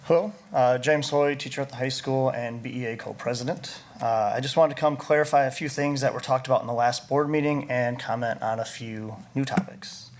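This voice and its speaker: A man's voice: medium pitch, steady tone, brisk, hardly any pauses. Man speaking at public comment, some noise. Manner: conversational, with filler words. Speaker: teacher and union co-president.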